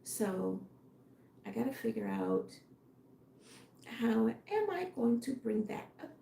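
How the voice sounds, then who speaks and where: A woman designer muses aloud in a slow, halting way, unsure which way to go. Her voice is gravelly and tired, fading as she talks. She sits in an echoey room at home. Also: a little high, sing-song, warm tone, slight background noise. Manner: musing aloud, halting and indecisive. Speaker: fashion designer. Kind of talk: casual live-stream talk. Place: home workroom.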